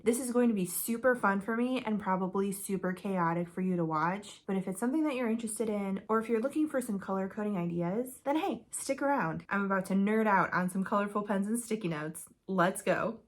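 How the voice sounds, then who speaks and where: A young woman vlogging casually about her planners, bubbly and chatty, with a congested voice and struggling a little for breath. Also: mid-range voice. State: congested from illness. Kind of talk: casual talk to camera.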